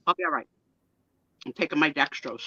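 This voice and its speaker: A man joining a live stream, shaky from low blood sugar and stammering as he reassures everyone. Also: brisk, pushed and bright, slightly rough, no echo, lo-fi sound.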